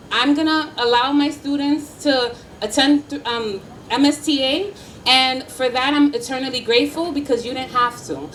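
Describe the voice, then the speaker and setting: A woman with a high, bright-pitched voice gives a heartfelt speech to graduates as school principal. She sounds emotional and encouraging. The recording is distant, with faint noise in the background of an outdoor event.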